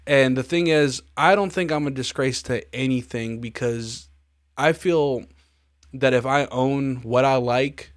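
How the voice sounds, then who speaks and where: A man's voice: medium pitch, a little slow, dry recording. A young man hosting a podcast, chatting in a laid-back way, swearing freely and laughing often. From grew up in a Hispanic neighborhood in the United States. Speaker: podcast host. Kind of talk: casual podcast chat.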